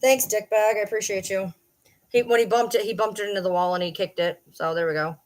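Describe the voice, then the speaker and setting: A woman's voice: mid-range voice, fairly even intonation, a little fast. A woman chatting casually on a livestream from her desk at home. She rambles, swears freely and pokes fun at herself while she talks to her viewers and her dog. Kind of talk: casual live-stream chat.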